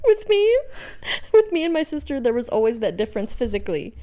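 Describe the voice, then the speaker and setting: A woman's voice: fairly high pitch, sing-song, fairly quick, mellow. A young woman co-hosting a podcast, retelling a dating story by reading out text messages, often laughing. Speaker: podcast co-host. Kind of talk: casual chat, retelling a date story.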